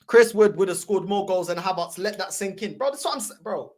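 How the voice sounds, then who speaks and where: A woman's voice: mid-range voice, expressive, fairly quick, a little mellow. A woman hosting a fan channel, ranting heatedly in slangy, repetitive reaction commentary.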